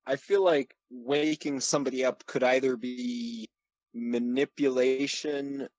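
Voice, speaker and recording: A man's voice: mid-range voice, fairly even intonation, unhurried, a little mellow, no room sound, highs cut off. Male player, casual in-character talk, dry mic. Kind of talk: in-character tabletop play.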